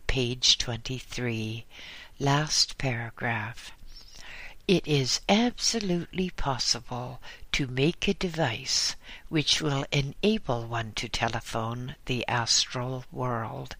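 A man reading the part of a pedantic accounts clerk who reads aloud in a deliberate, mocking way. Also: medium pitch, pushed and bright, no echo.

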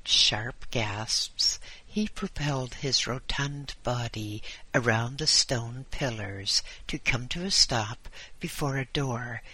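A man reading an audiobook aloud as its narrator, in a measured, deliberate way. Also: mid-range voice, bright, forceful tone, slightly rough. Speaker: audiobook reader. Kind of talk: scripted narration.

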